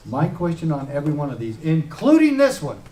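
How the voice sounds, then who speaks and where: A man, a former sheriff, giving an impassioned public speech with forceful, emphatic peaks. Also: a little high, huge pitch swings, brisk, a little hiss or hum. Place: event room. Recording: echoey room heard from a distance.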